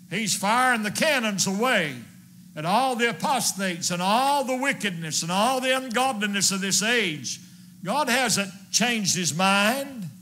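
A man's voice: high-pitched, pushed and bright. A male evangelist preaching a fervent sermon, hammering his points home with repetition.

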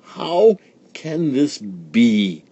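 Man doing a cruel storybook stepmother, shrill, snapping, husky edge. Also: big pitch swings, measured pace, mellow, highs cut off, full character voice. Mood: threatening. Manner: shrill, snapping, mock-sweet.

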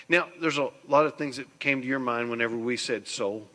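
Pastor, male, emphatic sermon delivery that drops to a hush, in a big echoing sanctuary. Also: mid-range voice, fairly quick, few pauses. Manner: swings between hushed and loud, emphatic. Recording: long church hall reverb.

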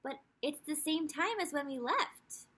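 A woman's voice: sits high, expressive, a little slow, sharp tone, voice pushed up, exaggerated voice. Jack, a woman reading as a doubtful young boy. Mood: puzzled. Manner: puzzled, questioning. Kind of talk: children's book read-aloud.

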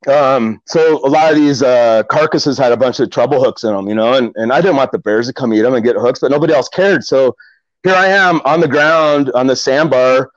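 A man's voice: mid-range voice, brisk, no echo, muffled recording. A middle-aged man from Omaha, a kayak angler, tells stories casually in a podcast interview, rambling with many fillers and restarts.

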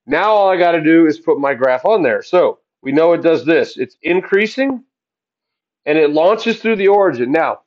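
A man with a voice on the high side teaches a math class, heard over dull audio. He's upbeat and jokey, quizzing the class as he works through the graphs.

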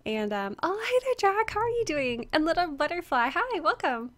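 In a very high, sing-song voice with a fairly bright tone, a young woman streams a game at a moderate pace and chats casually with viewers over a headset. Her voice is strained from the previous day's screaming, and she uses many fillers as she greets people by name.

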